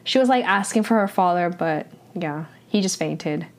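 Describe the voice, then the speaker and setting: A woman's voice: lowish voice, lively intonation, normal speed. A woman casually recapping a drama episode, chatty and full of filler words, with exasperated, incredulous asides.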